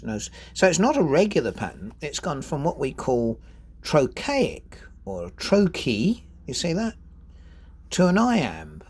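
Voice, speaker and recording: A man giving a spoken lesson on poetry, reading verse aloud and stressing syllables deliberately to show rhythm. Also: on the high side, wildly swooping pitch, husky. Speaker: poetry teacher.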